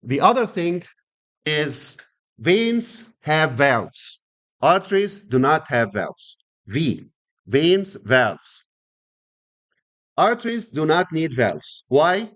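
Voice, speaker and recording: Man, middle-aged, fairly high voice, classroom anatomy lecture, repeats terms, quizzes students. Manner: repeats key terms, asks students frequent rhetorical questions.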